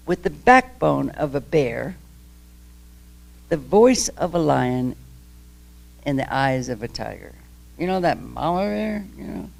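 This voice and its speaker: An older woman tells her own story to an audience in a heavily gravelly, rasping voice. She speaks with fervent emphasis and chuckles between points. Her sentences restart and wander as she pushes her point home. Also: low-pitched, darkish tone. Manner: rambling with restarts. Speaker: guest speaker. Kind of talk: public talk, candid personal story.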